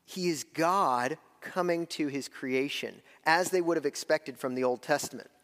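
Preacher in a reverberant church. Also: male voice, fairly high pitch, fairly bright tone. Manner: conversational preaching, shifting between slow emphasis and quick asides. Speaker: pastor. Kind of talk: sermon.

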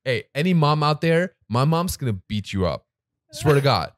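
A man's voice: on the high side, very animated, normal speed, dry recording, studio quality. A man from Germany hosting a casual podcast interview, telling stories animatedly and laughing often. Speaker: podcast host.

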